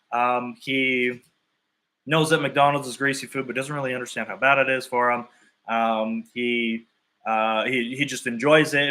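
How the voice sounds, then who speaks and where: Bright-voiced male fitness coach thinking aloud. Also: mid-range voice. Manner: explains through drawn-out hypothetical examples; loose and conversational, thinking aloud. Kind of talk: live talk to clients.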